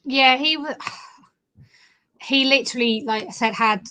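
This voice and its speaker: A woman's voice: high-pitched, takes it slowly, bright, forceful tone, no room sound, poor audio. A woman co-hosting a casual livestream chat, teasing and laughing often. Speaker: co-host of online festival livestream.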